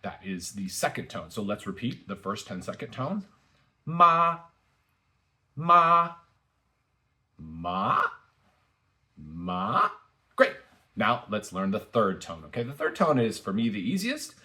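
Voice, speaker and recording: A man with a low-pitched but very lively voice teaches a beginner language lesson. His tone is bright and clear, patient and encouraging, with plenty of fillers and repetition. He leaps up high and loud whenever he models a sound. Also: moderate pace. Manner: jumps high and loud when modeling tones. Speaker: Mandarin teacher.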